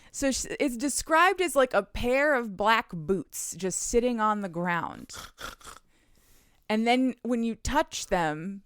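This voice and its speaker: A woman's voice: on the high side, smooth, no echo, clean studio sound. A woman podcast host recapping a romance novel in casual chat, chatty, swearing freely and laughing often.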